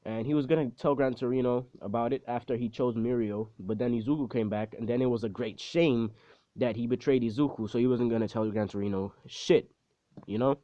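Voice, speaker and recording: A man's voice: medium pitch, steady tone, a little fast, mellow, no echo. A young man retelling a story in a casual, rambling, profane way, full of slang and self-deprecating asides. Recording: dull, dry close recording.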